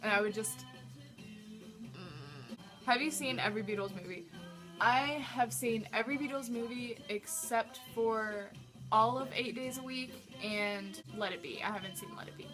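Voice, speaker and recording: A woman's voice: a little high, steady tone, measured pace. Rambling teen girl, music behind. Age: teens. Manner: rambling, many likes and ums. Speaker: vlogger. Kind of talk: casual tag-question vlog.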